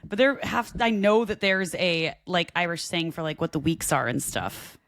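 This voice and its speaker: A woman's voice: fairly low pitch, lively intonation, moderate pace, gravelly, fairly bright tone. A woman co-hosting a casual podcast, trading jokey banter and laughing at her own puns. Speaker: podcast co-host. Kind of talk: casual chat.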